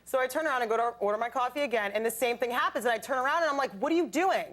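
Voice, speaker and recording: A young woman telling stories as a guest on a late night talk show, in a chatty, animated way. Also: a little high, racing. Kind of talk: casual chat. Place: television studio with audience. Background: studio audience.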